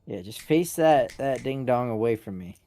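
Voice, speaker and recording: A man's voice: medium pitch, expressive, moderate pace, mellow. A man with a mid-range voice jokes and teases his friends during a game. He talks loosely and laughs often. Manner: laughing, teasing remarks. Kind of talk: casual gaming chat.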